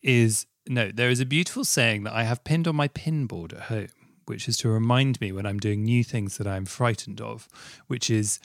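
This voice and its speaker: A low-voiced man with a gravelly edge, hosting a podcast. He talks in an effusive, rambling way, full of restarts. The recording is close and dry. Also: normal speed, no room sound. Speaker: podcast host. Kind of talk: casual interview and outro.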